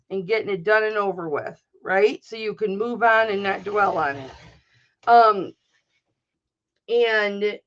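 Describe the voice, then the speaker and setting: Slow-talking blunt woman on a livestream. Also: fairly high pitch. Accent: Michigan. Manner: blunt, profane and emotional, drawn-out speech. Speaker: livestream host. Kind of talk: casual livestream chat. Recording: dull lo-fi livestream audio.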